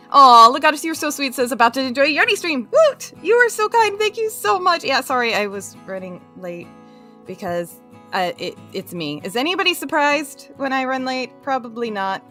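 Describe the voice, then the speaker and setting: A woman's voice: sits high, sharp tone. A woman hosting a casual crochet live stream, bubbly and giggly, greeting her chat one by one.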